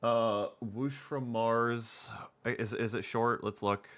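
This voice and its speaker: Bright-voiced guy in his 20s rambling through stream commentary, keeps repeating himself. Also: mid-range voice, steady tone, slow pace. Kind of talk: casual live-stream commentary.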